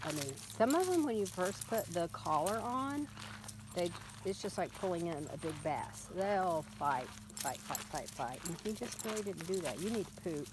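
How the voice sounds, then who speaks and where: A woman's voice: on the low side, lively intonation, moderate pace, noisy background. A woman who breeds dogs, chatting casually as she walks a puppy outdoors, coaxing it along as she talks. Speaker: dog breeder. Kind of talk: casual vlog while walking a puppy. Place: outdoors on a rural road.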